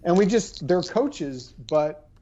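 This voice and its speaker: Male co-host for a sports chat, higher-pitched, hesitant, lo-fi dull audio. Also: lively intonation, slow pace, warm tone, slight background noise. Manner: hesitant, restarts often, cautious phrasing. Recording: dull lo-fi recording.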